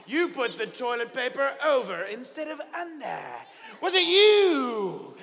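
A man voicing panicked ancient sailors who shout accusations at each other. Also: on the high side, in a large hall, a little hiss or hum, voice pushed down, exaggerated voice.

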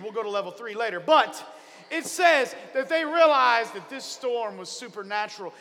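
A middle-aged man playfully telling a Bible story to children in a lively, joking way. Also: very high voice, long reverb tail. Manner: playful, animated, jokey. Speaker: children's minister.

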